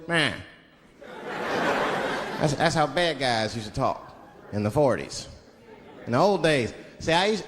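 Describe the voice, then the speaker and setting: A man doing a stand-up comedy routine on stage, telling stories with sudden voice impressions, speaking into a handheld mic. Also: fairly high pitch. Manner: animated storytelling with sudden voice impressions. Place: large theater stage. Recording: live show in a reverberant hall with crowd laughter. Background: audience laughing.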